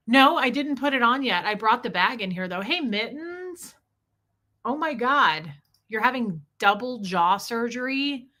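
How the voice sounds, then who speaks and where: A woman's voice: fairly high pitch, sharp tone. A woman hosting a casual livestream, greeting viewers by name one after another. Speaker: livestream host.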